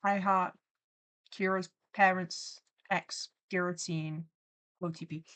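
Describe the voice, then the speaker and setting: A woman streamer chatting on a live stream while animating, reading viewer comments aloud and reacting to them with excitement. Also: fairly low pitch, slow pace, clear, resonant tone.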